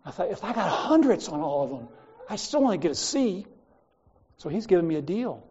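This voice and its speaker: A man's voice: high-pitched, big pitch swings, fairly quick, mellow, highs cut off. A man teaching a Bible class, lecturing and telling stories from his school days to students, speaking to them directly in a chatty way.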